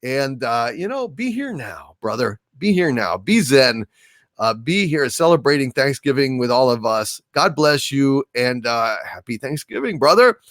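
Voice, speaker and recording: Halting man hailing viewers on stream. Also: medium pitch, animated, a bit bright, no echo, clean studio sound. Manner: grandiose mock-overlord greetings, halting with many fillers. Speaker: livestream host reading super chats. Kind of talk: casual livestream chat.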